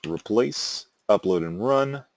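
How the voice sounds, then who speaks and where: Low-voiced casual male teacher. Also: lively intonation, takes it slowly, slight background noise. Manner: casual, rambling, self-amused asides. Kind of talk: classroom lecture.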